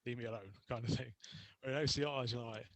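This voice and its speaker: A man's voice: medium pitch, fairly even intonation, fast. A young man talking as a guest on a casual podcast, spinning anecdotes in a chatty way and laughing easily. His voice sits in an ordinary middle range, and the sound is dry, with no room echo. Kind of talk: casual interview chat.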